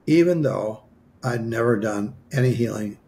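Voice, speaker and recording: Gravelly man telling a story. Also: medium pitch, normal speed, slight background noise. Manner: animated, acts out quoted dialogue, self-mocking humor. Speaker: guest healer. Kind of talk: storytelling in a podcast interview.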